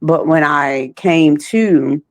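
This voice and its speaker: A woman survivor recounting her past in a halting, slow way, often repeating phrases. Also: low-pitched, dry recording. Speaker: trafficking survivor guest. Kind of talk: personal testimony.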